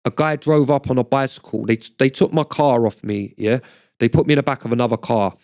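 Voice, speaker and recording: A middle-aged man talks as a podcast guest, casual and blunt. His speech is full of street slang and swearing, at an ordinary mid pitch. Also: a little fast, creaky, darkish tone. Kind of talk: casual storytelling chat.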